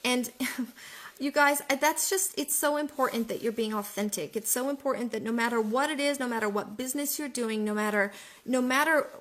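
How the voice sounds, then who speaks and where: A woman with a slightly high voice speaks in an excitable, motivational tone on a live video. She often stumbles, repeats herself and restarts her sentences as she talks. Her words come out in a rush. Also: moderate pace. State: out in the freezing cold. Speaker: online business mentor.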